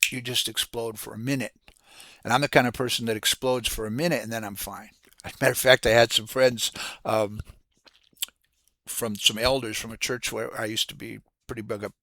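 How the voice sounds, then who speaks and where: Man, devotional talk, halting delivery, lots of repeated words, bright tense tone, dry close sound. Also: medium pitch, no echo. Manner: earnest, preacherly. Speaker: host of a Christian devotional channel.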